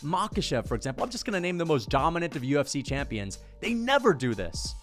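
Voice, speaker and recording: A man giving casual, excitable MMA commentary with profanity and slang. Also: fairly high pitch, fast, soft background music.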